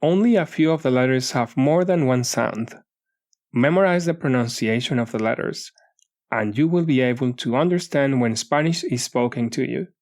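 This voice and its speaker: A man reading a beginner language lesson as an audiobook, in a measured, deliberate way, saying foreign words and then their meanings. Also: mid-range voice, a little mellow. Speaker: audiobook narrator. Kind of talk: scripted language-lesson narration.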